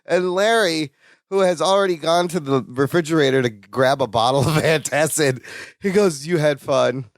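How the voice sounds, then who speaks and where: A man co-hosting a podcast in casual chat, recapping a sitcom episode and acting out characters' lines in quick impressions. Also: fairly high pitch, no echo, clean studio sound. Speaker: podcast co-host.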